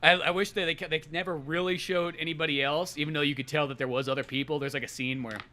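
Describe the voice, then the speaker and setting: A man's voice: a little high, steady tone, quick pace, sharp tone, slight background noise. A man hosting a podcast, rambling profanely and acting out movie scenes as he retells them. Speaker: podcast host. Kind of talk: casual podcast chat.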